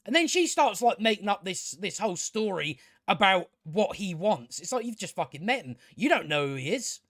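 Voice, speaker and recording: A man's voice: sits high, big pitch swings, moderate pace, a bit bright, dry recording, clean studio sound. A young man ranting through a casual TV review, exasperated, sweary and repeating himself. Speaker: TV review vlogger.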